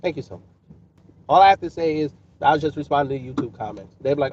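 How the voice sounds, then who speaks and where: New male streamer, taunting and coolly threatening, set back from a muffled mic with clear background noise behind. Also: on the high side, fast talker, distant mic. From New York City. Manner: taunting, mocking, calmly menacing. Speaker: livestream host answering chat. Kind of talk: casual live-stream roasting.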